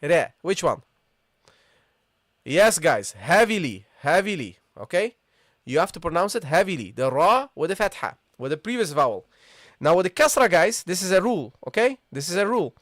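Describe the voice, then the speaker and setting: High-voiced man teaching live, "okay?". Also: big pitch swings, fairly bright tone, no room sound, studio quality. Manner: repetitive, checks in with "okay?" and "guys"; models pronunciations slowly. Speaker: Arabic teacher. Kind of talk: live online lesson.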